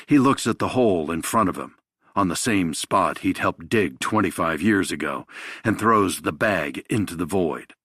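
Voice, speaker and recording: A man narrating a thriller audiobook in a measured, even storytelling manner. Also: low-pitched, husky, no room sound, clean studio sound.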